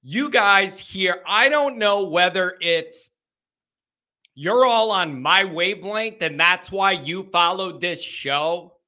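A man's voice: sits high, slow pace, bright, forceful tone. A man hosting a live fan call-in show, talking in a rambling, jokey, self-mocking way. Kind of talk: casual live-stream chat.

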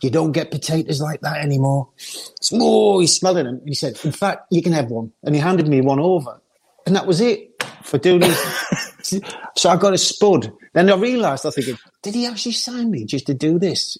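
A husky, slightly high-pitched older man tells a story in relaxed chat. He laughs often and acts out the other people's lines. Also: moderate pace. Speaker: former footballer guest. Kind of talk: casual anecdote telling.

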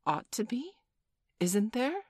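A woman's voice: fairly low pitch, big pitch swings, moderate pace, no echo, clean studio sound, pitched above the performer's own voice. A woman doing an eager, wondering young girl. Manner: breathless, wondering storybook voice. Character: eager curious young girl, admiring and easily thrilled.

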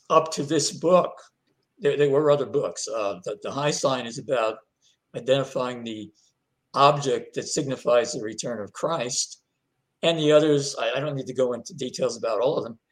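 An older man, an author being interviewed, telling his story in a halting way with frequent repeated words. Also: medium pitch, poor audio. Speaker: author guest.

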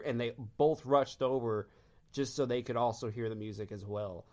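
A man from Texas telling fan anecdotes in casual chat, animated and laughing often as he acts out quotes. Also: mid-range voice, brisk.

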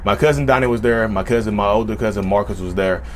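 A man's voice: on the low side, fast talker, a little hiss or hum. A man vlogging in a casual storytelling way, chatty and repetitive, often turning to his viewers directly. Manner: chatty, repetitive, keeps addressing viewers as y'all.

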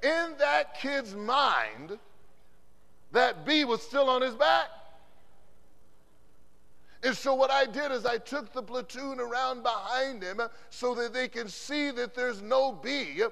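A male pastor preaching with a very high, gravelly voice that echoes through a big hall. He keeps slipping in "amen" as he goes. He also lurches between loud outbursts and quiet asides. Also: animated, slow pace, a little hiss or hum. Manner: punctuates phrases with "amen", swings between loud and hushed. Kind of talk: preached sermon. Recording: long hall reverb from a conference sanctuary.

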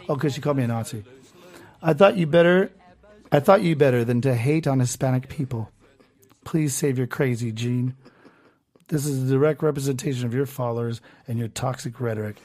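A man's voice: medium pitch, brisk, darkish tone, soft background music. A man hosting a podcast, ranting casually and with lots of swearing while reading comments aloud. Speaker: podcast host.

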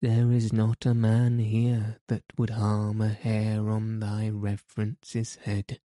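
A man's voice: lowish voice, completely flat delivery, slow pace, warm tone, no room sound, studio quality. A man reading as a grave, mocking outlaw chief. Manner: mock-solemn, courteous. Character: grave, courteous male outlaw leader, gently mocking. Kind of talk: audiobook character reading.

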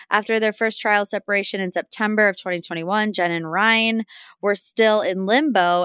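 A young woman hosting a casual celebrity gossip rundown, chatty and sarcastic with animated asides. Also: medium pitch, smooth, no echo, studio quality.

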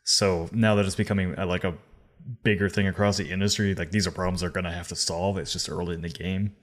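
A man's voice: low-pitched, steady tone, quick pace. A man co-hosting a casual livestream chat, laughing a lot and trailing off mid-thought. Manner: loose, laughing, trails off often. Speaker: co-host.

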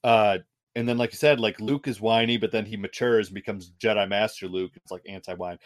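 A man chatting casually as a podcast co-host, rambling and animated, with lots of fillers and restarts. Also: lowish voice, brisk. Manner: rambling, animated, quotes characters in put-on voices. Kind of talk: casual chat.

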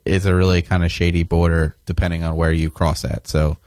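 A man who is a touring musician, talking candidly and relaxed in a radio studio interview, swearing casually. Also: deep voice, brisk, no room sound.

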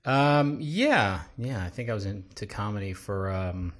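A man from South Jersey, a comedy writer guesting on a podcast, talking in a relaxed, halting way with lots of fillers. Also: lowish voice. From South Jersey, United States. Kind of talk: casual interview chat.

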